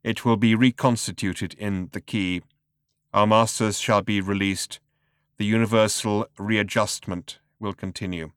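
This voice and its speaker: A man voicing an ancient male robot with a cultured rasp, speaking slowly and flatly. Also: lowish voice, no room sound, clean studio sound. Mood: cold. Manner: slow, flat, patient.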